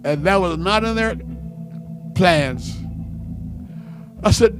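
A man preaching a sermon, telling his conversion story and building from quiet storytelling to shouted fervor. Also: high-pitched, takes it slowly, soft background music. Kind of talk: sermon testimony.

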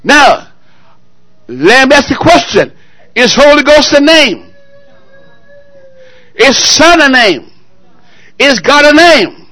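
A married man preaching a sermon, firing call-and-response questions at the congregation and swinging between loud exclamations and quiet asides. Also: very high-pitched, very animated, slow, pauses often, dry recording, low-quality recording. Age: adult, married.

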